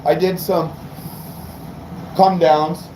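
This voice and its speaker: A man's voice: a little high, little pitch movement, drawn-out words, background noise. A man from New England chatting casually on a livestream, rambling and swearing, fired up. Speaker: car audio livestreamer.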